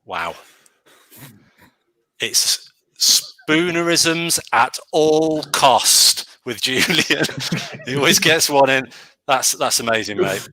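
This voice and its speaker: Man, host, bright, slow delivery, dry close sound, joking. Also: mid-range voice, lively intonation, no echo, low-quality recording. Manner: upbeat, joking, running the votes. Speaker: host of an online pun competition. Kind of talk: casual hosting.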